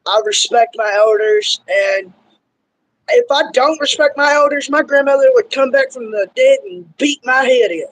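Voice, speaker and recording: A man's voice: extremely high pitch, normal speed, a bit bright, poor audio. A young man from Kentucky with a Southern accent, hosting a casual interview and rambling loosely with lots of "like" and "y'all". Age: young adult. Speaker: interviewer, show host.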